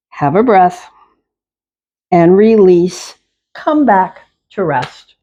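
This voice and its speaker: Mellow-voiced woman guiding chair yoga. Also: medium pitch. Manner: slow, calm, repetitive cueing. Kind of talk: guided exercise class instruction.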